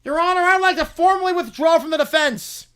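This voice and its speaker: Figure: overwrought courtroom lawyer, as a man plays him. Pitch: raised. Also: measured pace, pushed and bright, heavily acted. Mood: theatrical. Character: dramatic male defense lawyer switching sides.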